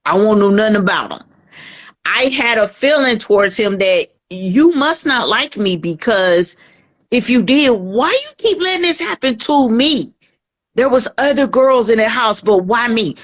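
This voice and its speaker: As a guest in a podcast interview, a woman tells her life story as personal testimony. Her mid-range voice is expressive and moderately paced, and she narrates earnestly, acting out the voices of people she quotes.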